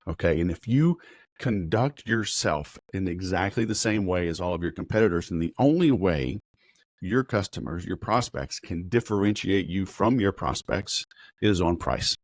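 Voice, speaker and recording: Low-voiced, fast-talking sales coach, a man. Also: expressive, no echo, studio quality. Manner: rapid, conversational, full of fillers and analogies. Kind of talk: casual motivational talk.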